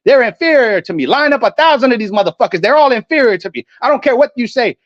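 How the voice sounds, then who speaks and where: A man with a notably high voice delivers a fiery sermon, moving between slow scripture reading and combative, profane commentary. The sound is muffled and lo-fi, yet close and dry, with almost no echo. His delivery stays declamatory and defiant throughout. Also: expressive. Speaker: preacher. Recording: dull, muffled lo-fi audio.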